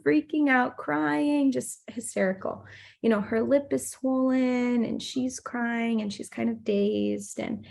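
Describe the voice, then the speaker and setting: In a podcast interview, a play therapist in her thirties tells a personal story with lively energy, acting out the voices of the people she quotes. Her voice sits a little high and has a creaky texture.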